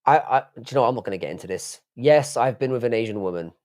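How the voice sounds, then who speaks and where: Man, 30s, stream host. Blunt, profane, casual chat reading viewer comments. Middle pitch. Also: animated, quick pace, a little mellow. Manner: blunt, swears a lot, reads chat aloud. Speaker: livestream host.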